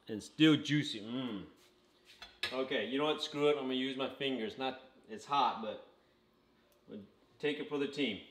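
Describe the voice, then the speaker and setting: A man's voice: mid-range voice, moderate pace, long pauses. A man hosting a casual home cooking vlog, talking while he eats and tagging his sentences with "okay?". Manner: chatty, tags lines with "okay?", talks while eating. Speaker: channel host. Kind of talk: casual food review vlog. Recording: roomy echo.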